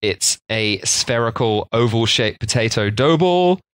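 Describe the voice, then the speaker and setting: A man talks through food history on a casual podcast, jokey and rambling. His voice sits at a medium pitch. The recording is dry and close. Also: expressive, unhurried, fairly bright tone, clear, resonant tone, dry recording. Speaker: podcast co-host.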